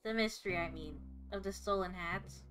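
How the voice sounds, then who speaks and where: A woman's voice: medium pitch, normal speed, fairly bright tone, slight background noise. A woman streamer playing a detective game, reading lines with a dry, playful tone and laughing often.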